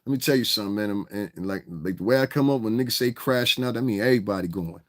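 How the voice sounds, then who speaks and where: A man's voice: fairly low pitch, rapid-fire, no room sound, studio quality. A man hosting a livestream, ranting angrily and combatively with heavy profanity. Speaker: livestream host. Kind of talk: casual livestream rant.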